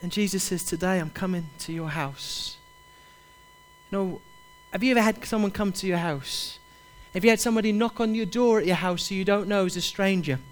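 A man's voice: sits high, fast, hardly any pauses. A man preaching a sermon, urging his listeners directly and repeating his key phrases with passion. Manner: impassioned, repetitive, urges listeners directly.

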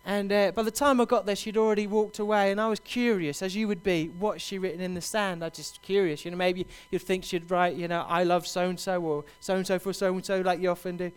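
Impassioned high-voiced preacher. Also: male voice, level tone, a little fast, few pauses, smooth. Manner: impassioned, swells loud on repeated cries for help. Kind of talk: sermon.

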